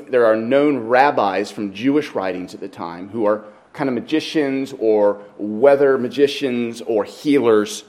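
A medium-pitched pastor preaches an expository sermon, working through scripture passage by passage. He becomes more animated when telling a story and sometimes restarts his sentences.

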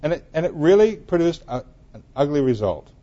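A man delivers a sermon in an easy, conversational way, weaving personal stories in among the scripture. His voice sits a little higher than most men's. The recording sounds dull and lo-fi. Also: very animated, brisk, mellow. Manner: conversational preaching with anecdotes. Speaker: preacher.

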